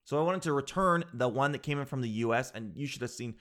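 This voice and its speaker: A man's voice: medium pitch, expressive, quick pace, fairly bright tone. A young man telling a comedic story in a rambling, sarcastic way, laughing at his own jokes and saying "dude" a lot.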